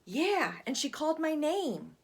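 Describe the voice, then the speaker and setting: Woman putting on a squeaky excitable little kid, pleading and eager. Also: measured pace, full character voice. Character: young boy, excitable and easily frightened.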